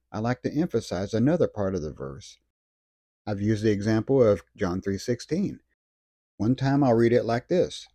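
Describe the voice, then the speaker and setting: A man preaching a sermon in an earnest way, slowing down to stress words of scripture. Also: medium pitch, warm tone, no room sound.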